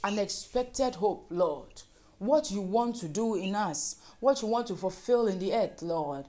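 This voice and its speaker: A woman's voice: mid-range voice, animated, a little slow, mellow. Woman, prayer leader, fervent, repetitive petitions, speaking in tongues. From Africa. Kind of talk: leading fervent group prayer.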